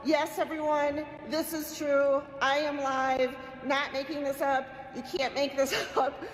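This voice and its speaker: A woman's voice: high-pitched, level tone, unhurried, a little hiss or hum. A woman with a Minnesota accent, a state representative, filming a hesitant report on her phone in an indoor hall. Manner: plain, hesitant, with many ums. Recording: echoey hall phone recording.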